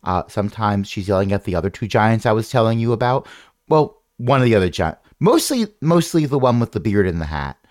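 A man's voice: fairly low pitch, sing-song, fairly quick, a little mellow, dry recording, clean studio sound. A man running a tabletop game as game master, rambling and correcting himself with wry asides.

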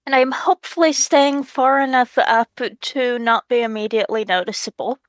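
A woman player speaking in a cautious, drawn-out way. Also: on the high side, no echo.

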